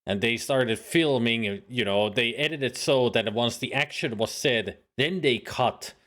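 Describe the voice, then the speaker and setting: A man's voice: medium pitch, a little slow, fairly bright tone. A man casually commenting on a detective game during a live stream, rambling with lots of fillers. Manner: rambling, filler-heavy, hums tunes.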